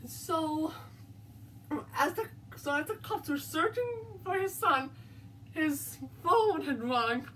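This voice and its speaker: A woman's voice: high-pitched, lively intonation, a bit bright. A woman telling a spooky story in a casual, rambling way, full of halts and restarts. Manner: rambling, halting narration with restarts. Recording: distant mic, faint background noise.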